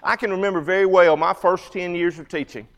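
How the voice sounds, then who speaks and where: A man in his fifties teaches a church Bible class, high in pitch and conversational. He keeps asking his listeners questions. His voice rings on in a long hall echo. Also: steady tone, a little fast, a bit bright. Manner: conversational, asks the audience questions.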